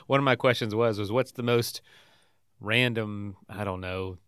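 A man with a smooth, resonant, fairly low voice hosts an interview. He thinks aloud in halting, restarting questions. The sound is dry and close. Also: fairly bright tone, dry recording. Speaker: interviewer, podcast host.

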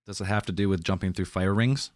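A man's voice: deep voice, steady tone, fast talker, a little hiss or hum. A man hosting a podcast, chatting casually and teasing his guest with laughing questions. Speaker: podcast host. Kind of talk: casual chat.

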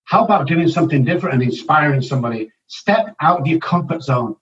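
A man's voice: on the high side, lively intonation, fast talker, fairly bright tone, far from the mic. Blunt, swearing older man, lo-fi. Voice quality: blunt, swears freely, motivational. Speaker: addiction counselor and author, guest. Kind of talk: casual podcast interview.

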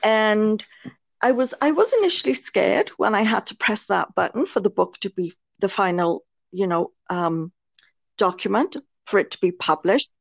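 A woman's voice: medium pitch, animated, moderate pace, gravelly, no echo. A British woman, a nurse and author, speaking frankly and earnestly in a podcast interview, with frequent fillers. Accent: British English. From Britain. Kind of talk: candid personal interview.

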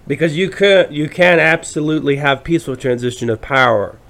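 A male podcast host with a somewhat high-pitched voice, ranting about politics. He swears constantly and rambles, stumbling over false starts and restarting his sentences. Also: a little fast, fairly bright tone. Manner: profane, rambling, with frequent restarts.

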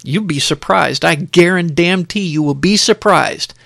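A middle-aged man delivers sermon-like podcast talk in an emphatic, exhorting style. He drives his points home by repeating phrases. His voice sits fairly high, and the recording is close and dry. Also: a little slow, vocal fry, fairly bright tone, no echo. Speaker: podcast host.

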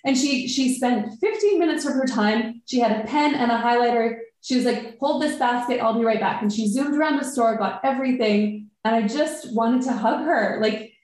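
A woman chatting casually on a podcast, telling an animated story and acting out her own inner thoughts. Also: a little high, moderate pace, few pauses, heavy reverb, low-quality recording. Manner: animated storytelling, quotes herself.

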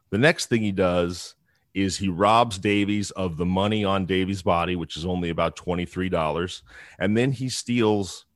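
A man's voice: low-pitched, dry recording, studio quality. A man casually telling a true-crime story, chatty, with frequent restarts and asides.

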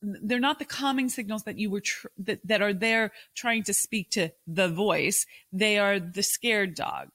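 A woman hosting a solo podcast, talking casually and thinking aloud, often checking in with a quick "right?". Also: mid-range voice, fairly bright tone, dry recording. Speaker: podcast host.

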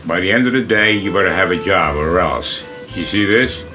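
A furious, bullying father with a lowish voice, barking orders and threats, played by a man. Music plays clearly under the voice. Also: lively intonation, normal speed. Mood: angry. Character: angry, threatening middle-aged father.

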